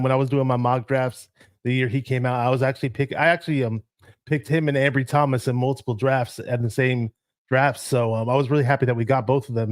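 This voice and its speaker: A man co-hosting a fan show, speaking in a measured, laid-back way with frequent ums. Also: medium pitch, no room sound, clean studio sound. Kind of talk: casual sports talk.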